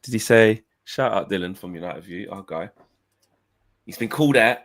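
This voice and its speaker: A man's voice: lowish voice, expressive, normal speed, a bit bright. A man co-hosting a casual fan podcast, bantering and reading messages aloud.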